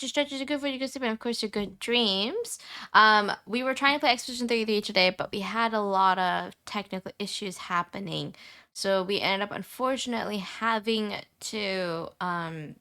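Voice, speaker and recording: Young woman, streamer, casual chat, high and squeaky at times, rambling with fillers, bright tone. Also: normal speed. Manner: chatty, repeats herself, many fillers.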